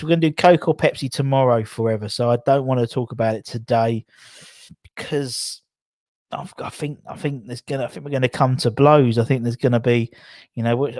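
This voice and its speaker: Male host, mid-pitched, chatting loosely from a chair at home, dead-dry close mic. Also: darkish tone, no echo. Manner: rambling, self-mocking, lots of fillers and restarts. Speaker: host of a chat stream. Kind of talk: rambling casual chat. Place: home room, in a swivel chair.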